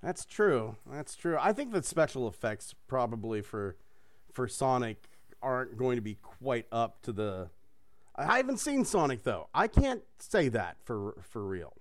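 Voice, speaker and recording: A man's voice: mid-range voice, measured pace, no echo. A man hosting a casual chat, swearing freely and laughing as he tells stories. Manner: profane, laughing, animated storytelling.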